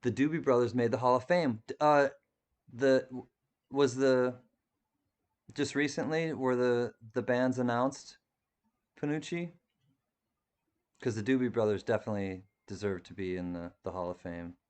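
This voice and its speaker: His mid-range voice is steady, darkish, and clean, at normal speed with frequent pauses. He's a livestream host reading chat, keeping the talk casual and rambling. Laughter comes often, along with plenty of restarts.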